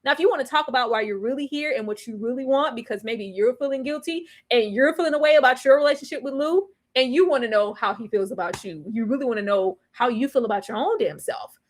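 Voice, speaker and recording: A woman's voice: fairly high pitch, expressive, fast talker, hardly any pauses. A woman acting out a firm, no-nonsense male therapist who scolds a client.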